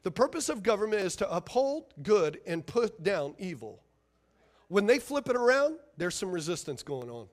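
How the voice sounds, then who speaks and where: High-voiced emphatic preacher. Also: male voice, sing-song, normal speed. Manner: emphatic preaching, rhetorical questions to the congregation. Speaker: pastor. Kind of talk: sermon.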